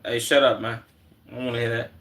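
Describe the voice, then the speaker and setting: A man's voice: mid-range voice, flat delivery, fast, fairly bright tone. A young man from Chicago streaming, chatting casually in a laid-back, slangy, profane way at a desk microphone.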